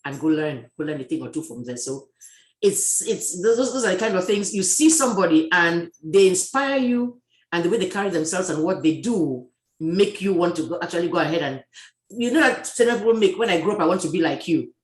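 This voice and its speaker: A woman hosting a talk show in a casual video chat, lively and full of restarts and repeated words. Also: on the low side, fairly quick, roomy sound. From Cameroon. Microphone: video call.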